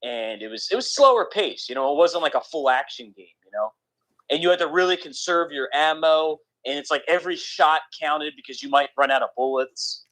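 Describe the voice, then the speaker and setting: A man's voice: a little high, expressive, fairly quick, fairly bright tone, no room sound, low-quality recording. A young man chatting casually about video games, rambling with lots of restarts.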